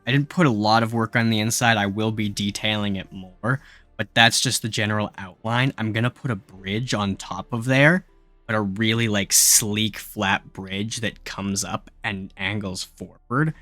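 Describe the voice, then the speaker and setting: This young man has a lowish, steady voice with a sharp tone and a moderate pace; there's no room sound, just faint music behind him. He talks casually while constructing a spaceship in a game, swearing freely, grumbling at mistakes, and telling meandering stories with lots of filler.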